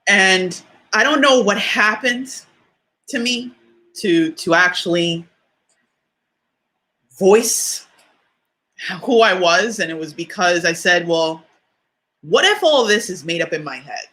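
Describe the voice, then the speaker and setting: A woman's voice: fairly low pitch, expressive, takes it slowly, long pauses, bright, forceful tone. A woman motivational speaker telling a personal story on a livestream, candid and conversational, close to tears and laughing through it. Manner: candid, conversational, addresses listeners directly.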